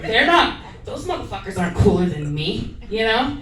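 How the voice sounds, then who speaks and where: A woman's voice: on the high side, big pitch swings, normal speed, a bit bright. A woman doing an open mic stand-up set, profane, rambling and self-mocking, in a small comedy club. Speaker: stand-up comic. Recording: echoey club mic from a distance.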